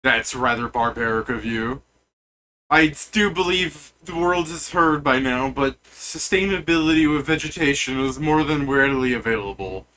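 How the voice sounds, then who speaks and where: A man's voice: mid-range voice, normal speed, sharp tone, natural voice, low-quality recording. A man voicing a huge, forgetful male cloud giant who talks in a haughty, lofty way.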